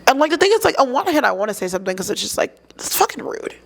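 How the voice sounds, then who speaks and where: A young woman telling a story as a guest in a casual interview, with an animated, laughing delivery. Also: fairly high pitch, racing, vocal fry. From United States.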